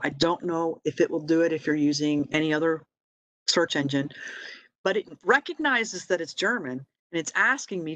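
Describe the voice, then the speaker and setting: A woman's voice: lowish voice, a bit bright, dry recording. A middle-aged woman presenting a casual online tutorial, explaining step by step in a chatty way with fillers and self-deprecating asides. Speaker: library webinar presenter.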